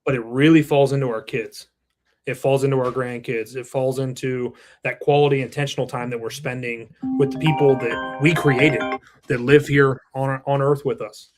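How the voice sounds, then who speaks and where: A man's voice: mid-range voice, steady tone, moderate pace, soft background music. A man in his thirties, a company president, talking earnestly and reflectively in a casual interview, with the odd curse word. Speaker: roofing company president, podcast guest.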